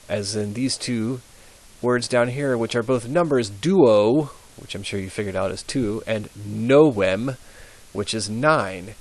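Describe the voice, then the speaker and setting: A young adult man teaching a high school Latin pronunciation lesson, patiently repeating words slowly with frequent ums. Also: lively intonation, a little mellow, no room sound, rough recording.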